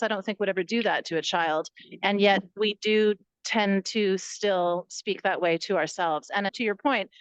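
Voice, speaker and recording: A woman's voice: medium pitch, no echo, lo-fi sound. A woman co-hosting a podcast, talking reflectively and telling stories from her own workshops. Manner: reflective, storytelling with examples. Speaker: podcast co-host. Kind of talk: casual conversational chat.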